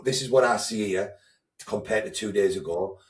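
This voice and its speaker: A man's voice: on the low side, normal speed, distant mic. Blunt, swearing man in an echoey room. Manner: blunt, swears freely, retells chats in quoted voice. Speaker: podcast co-host, coach. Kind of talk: casual chat.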